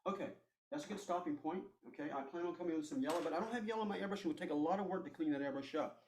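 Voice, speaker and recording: A man's voice: a little high, racing, darkish tone, echoey room, far from the mic, low-quality recording. A man teaching a live airbrush painting demonstration, talking casually and reassuringly as he works. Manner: casual, reassuring, thinks aloud while working. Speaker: art instructor.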